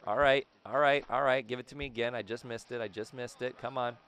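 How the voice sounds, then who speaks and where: A young man giving excited commentary on his own gameplay, talking to himself, his throat a little raspy. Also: mid-range voice, a little fast. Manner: hyped, talks to himself and the game. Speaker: gaming video host.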